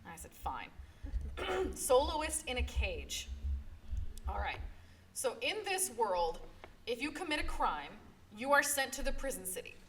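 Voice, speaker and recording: Animated woman recapping manga at a panel. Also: a little high, normal speed. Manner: animated, emphatic storytelling, repeated "okay?" check-ins. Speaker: librarian presenting a manga panel. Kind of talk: live convention panel talk. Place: convention panel room, live before an audience. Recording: distant mic, faint room noise.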